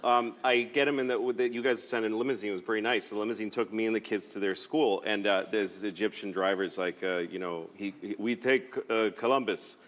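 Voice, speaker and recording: A man's voice: on the low side, steady tone, fast, hardly any pauses, a bit bright, in a large hall. A middle-aged man telling a rambling, self-deprecating comic story as a talk show guest.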